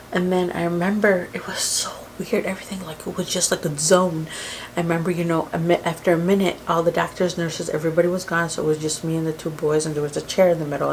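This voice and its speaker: Woman, lowish voice, tearful, halting storytelling, faint room hum. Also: vocal fry, darkish tone, low-quality recording. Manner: emotional, halting, many ums. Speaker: mukbang creator. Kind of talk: storytime while eating.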